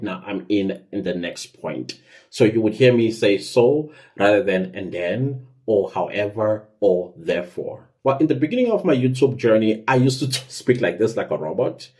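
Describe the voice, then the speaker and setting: A man talks through advice in a loose, conversational way, leaning on certain words for emphasis and now and then trailing off into fillers. His voice sits mid-pitch with a dark, mellow tone. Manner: conversational, lively emphasis, self-corrections and fillers. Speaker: podcast host giving tips. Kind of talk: casual instructional talk.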